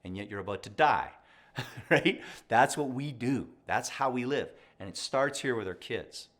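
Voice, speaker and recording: A middle-aged man, a mindset coach, giving animated reaction commentary, often tossing in "right?" and acting out little parent and child exchanges. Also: medium pitch, a little slow. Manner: animated, conversational, frequent "right?" asides, acts out parent and child voices.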